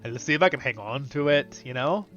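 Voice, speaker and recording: A man's voice: mid-range voice, lively intonation, quick pace, fairly bright tone, lo-fi sound, faint music behind. A man hosting a gameplay stream, chatting casually in a rambling, self-deprecating way. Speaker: host and streamer.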